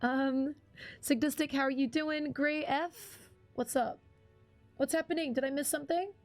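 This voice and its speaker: Gravelly-voiced woman chatting on a game stream. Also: sits high, a little slow, faint music behind. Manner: chatty, greets chat, many ums. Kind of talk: casual live gameplay commentary.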